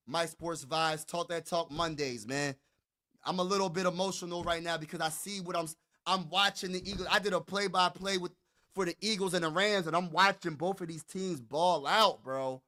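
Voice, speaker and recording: A man runs his own sports talk show, ranting with both excitement and frustration. His voice is high and bright, and he repeats lines for emphasis while stumbling through quick restarts in a hyped fan rant.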